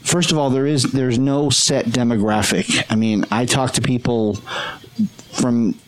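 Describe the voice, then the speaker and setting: A middle-aged man who shoots street portraits earnestly tells stories in a podcast conversation, acting out the voices of the people he quotes. His voice is medium-pitched, steady and a little slow, and the recording is rough.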